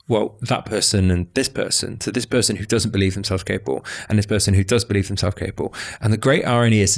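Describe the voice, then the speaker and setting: A young man, a psychotherapist, explaining ideas in a fast, thoughtful podcast conversation full of restarts and fillers. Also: on the low side, gravelly. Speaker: psychotherapist guest.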